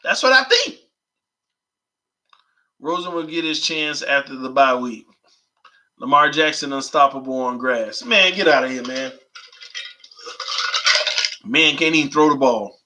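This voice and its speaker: A man hosting a sports fan channel, chatting casually and excitedly with his viewers and reading their comments aloud. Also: fairly high pitch, unhurried, long pauses, low-quality recording. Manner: excited, informal, talks to viewers as y'all. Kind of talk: casual vlog chat reading live comments.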